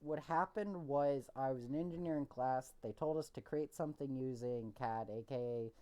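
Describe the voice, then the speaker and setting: A man's voice: mid-range voice, normal speed, darkish tone. A young man co-hosting a casual chat over voice chat, rambling through stories and acting out quotes. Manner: rambling storyteller, acts out quotes. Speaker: podcast co-host. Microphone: voice chat headset.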